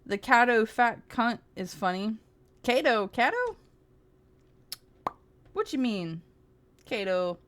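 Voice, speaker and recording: A woman's voice: on the high side, big pitch swings, slow pace, long pauses, fairly bright tone, dry recording. A woman streamer in casual, sarcastic livestream commentary, rambling and giggling often.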